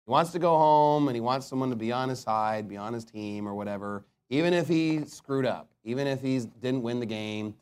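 A man preaching a casual, conversational sermon to a congregation, acting out quick quotes from everyday life. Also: mid-range voice, darkish tone, clean tone. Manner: conversational, with quick acted-out quotes and rising emphasis.

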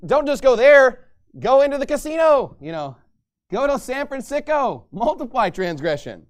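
A man acting out a sarcastic male God who taunts sinners in a loud, sneering voice. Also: very high-pitched, sing-song, moderate pace, voice pushed up. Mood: sarcastic taunting.

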